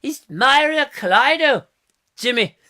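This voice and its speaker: A man's voice: extremely high pitch, expressive, slow, bright, forceful tone, voice pushed up, exaggerated voice. A man putting on a Scottish accent to play a chummy, tipsy Glaswegian man who blusters and calls everyone Jimmy. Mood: mock-indignant.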